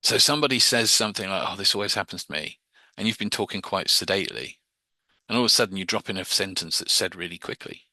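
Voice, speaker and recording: A man with a low voice that sounds very bright and forward explains hypnosis techniques to a group. His talk is informal and chatty, full of restarts and repeated words. The sound is dry and close, with no room around it. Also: expressive, fast talker, no echo. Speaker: hypnosis teacher.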